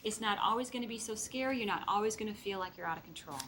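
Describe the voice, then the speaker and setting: A middle-aged woman lectures foster parents in a lively way, slipping into the voices of the people she quotes. Her voice sits at an ordinary middle pitch. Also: fast, a little hiss or hum. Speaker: speaker training foster parents.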